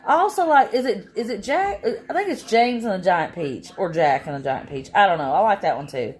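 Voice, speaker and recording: A woman's voice: mid-range voice, animated, brisk. Tired, rambling woman streaming from home. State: worn out after a long day. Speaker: live streamer. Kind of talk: casual live-stream chat with viewers.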